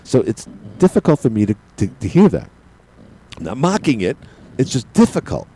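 A man's voice: medium pitch, huge pitch swings, moderate pace, warm tone, husky, poor audio. A man with a Brooklyn accent hosting a radio show, telling a rambling, self-deprecating story full of digressions and restarts. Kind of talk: rambling monologue.

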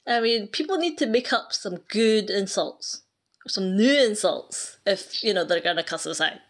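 Woman venting about her gaming clan, casual, laughs a lot, mid pitch. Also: lively intonation, moderate pace. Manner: ranting, amused, laughs often. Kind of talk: casual chat.

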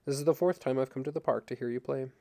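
A man reading a story aloud and voicing a polite, formal young gentleman, keeping close to his own gravelly voice. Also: mid-range voice, steady tone, fast talker, lightly acted. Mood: courteous. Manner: courteous and formal.

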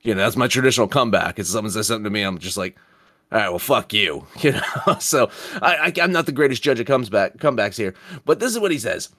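A man's voice: medium pitch, animated, fast, few pauses, fairly bright tone, no echo, clean studio sound. A man hosting a sports podcast in casual, profane chat, rambling and reading quotes aloud. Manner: rambling, swears often, reads quotes aloud. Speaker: podcast host.

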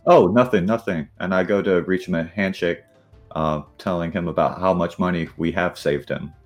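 A man with a very low voice plays a tabletop game and describes his moves in an easygoing, playful tone. Faint music plays in the background. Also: fairly even intonation, normal speed. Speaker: player. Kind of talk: casual tabletop role-play.

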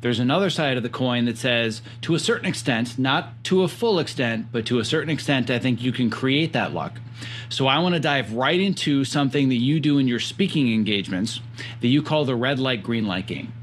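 A man's voice: mid-range voice, animated, brisk, slight background noise. A man hosting an interview over a video call, enthusiastic and leading into his questions. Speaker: host. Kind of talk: conversational interview.

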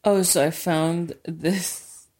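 A woman co-hosting a podcast in casual chat, animated and laughing often, her voice jumping up when she gets excited. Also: fairly low pitch, very slow. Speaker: podcast co-host.

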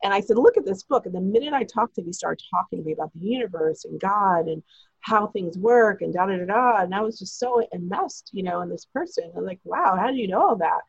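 A woman recounts a long personal story in a rambling, breathless way, slipping into the voices of the people she quotes. Her voice is husky, and the recording is dry and a little dull, with no room sound. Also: medium pitch, fairly quick, no room sound. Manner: chatty, breathless retelling with quoted dialogue. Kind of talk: casual storytelling.

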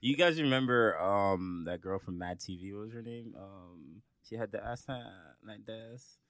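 A man's voice: fairly low pitch, moderate pace, fairly bright tone, no room sound, studio quality. A man in casual podcast banter, laid-back and rambling with lots of fillers, laughing often. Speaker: comedian.

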